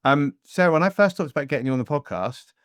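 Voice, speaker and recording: A man's voice: fairly high pitch, animated, quick pace, no room sound, clean studio sound. Jokey rambling male podcast host. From Devon, England. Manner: rambling, jokey, puts on voices in stories. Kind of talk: casual interview chat. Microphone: headphones and studio mic.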